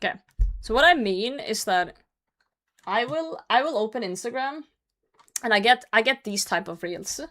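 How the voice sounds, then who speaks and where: A woman's voice: fairly high pitch, expressive, normal speed, long pauses, fairly bright tone. A woman streamer chatting casually to her viewers. She swears freely, laughs often and flares into mock rants. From outside the US. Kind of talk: casual live-stream chat.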